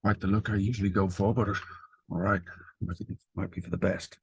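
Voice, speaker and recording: Gravelly, husky low-voiced man. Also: fairly even intonation, fast talker, no echo. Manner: hesitant, low-key. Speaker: player. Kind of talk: in-character tabletop play.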